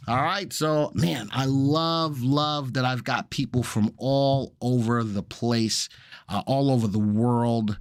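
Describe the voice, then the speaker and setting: A man's voice: medium pitch, slow, no echo. New man, fifties, upbeat jokey live-stream host, dry close sound. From Brooklyn, New York. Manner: upbeat, jokey, reads out viewer comments. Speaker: livestream host of stock analysis show. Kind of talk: casual live-stream chat.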